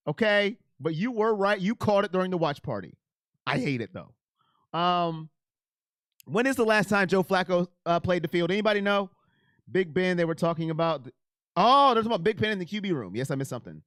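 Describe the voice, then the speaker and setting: A man hosting a casual live stream. He chats with viewers by name and talks in an emotional, animated way. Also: high voice, normal speed, no echo, studio quality. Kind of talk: casual live chat about football.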